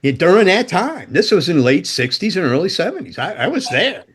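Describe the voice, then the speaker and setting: A man's voice: high voice, very animated, fairly quick, slightly rough. A man in his sixties, a former guitar tech, telling profane, rambling road stories as a podcast guest. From United States. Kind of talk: casual storytelling.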